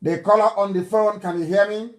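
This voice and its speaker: A man's voice: high-pitched, fairly even intonation, brisk. A Nigerian man hosting a live broadcast, speaking emphatically and repeating his points insistently. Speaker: broadcast host. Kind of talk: live radio broadcast address.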